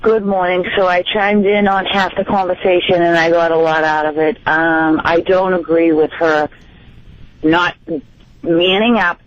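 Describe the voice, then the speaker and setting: A woman's voice: fairly low pitch, fairly even intonation, a little slow. A woman calling a radio show, indignant and full of hesitations and fillers. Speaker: caller. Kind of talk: phone-in call. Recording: dull phone line.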